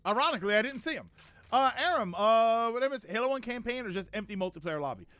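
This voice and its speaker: A man's voice: extremely high pitch, expressive, quick pace, a bit bright. A man streaming gameplay live, chatting and joking with viewers while reacting aloud to the game.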